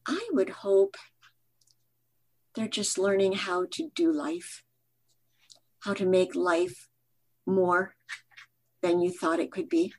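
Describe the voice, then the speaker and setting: An older woman from Michigan, a podcast guest, answering thoughtfully with pauses and fillers. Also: lowish voice. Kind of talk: reflective podcast interview.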